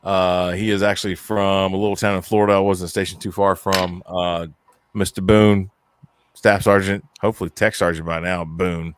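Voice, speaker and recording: A man's voice: deep voice, flat delivery, moderate pace, clean tone. A man co-hosting a casual live-stream chat, joking and cursing as he reads out viewer comments. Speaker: podcast co-host.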